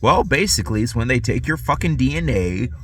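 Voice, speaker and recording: A man's voice: mid-range voice, lively intonation, fairly quick, fairly bright tone. A man ranting casually to camera, profane and rambling, often restarting his sentences. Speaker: vlogger.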